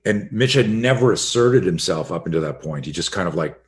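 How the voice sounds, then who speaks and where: A self-defense coach, a man, telling a story as a podcast guest, frank and animated, acting out the dialogue as he goes. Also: low voice, a little fast. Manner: animated, re-enacts dialogue in vivid bursts; frank and profane.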